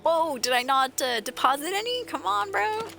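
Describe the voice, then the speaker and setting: A woman streamer chatting casually while playing a game, animated storyteller who laughs often. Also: sits high, normal speed, vocal fry, slight background noise. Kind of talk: casual gameplay livestream chat. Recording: game music behind voice. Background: game music.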